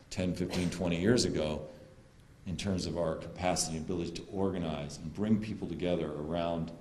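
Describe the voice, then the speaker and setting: A man with a very deep voice delivers an earnest, rousing call to action. He speaks steadily at a public panel. The sound carries plenty of room echo from the lecture hall. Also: a little mellow, slight background noise. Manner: earnest, rallying. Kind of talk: rousing closing speech. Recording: roomy hall reverb.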